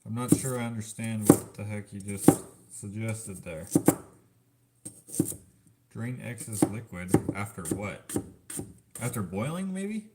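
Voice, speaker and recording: A man's voice: on the low side, lively intonation, slow, long pauses, a little mellow. A man from Canada rambling in casual chat to a live chat while he cooks in his home kitchen. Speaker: vlogger. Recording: clattering kitchen noise.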